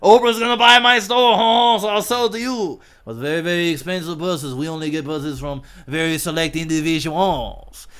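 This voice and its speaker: A man's voice: a little high, steady tone, normal speed, hardly any pauses, a bit bright, smooth, close to an everyday voice. A man voicing a giddy, greedy male boutique owner with a mock Italian-French accent and a chortling laugh. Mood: gleeful.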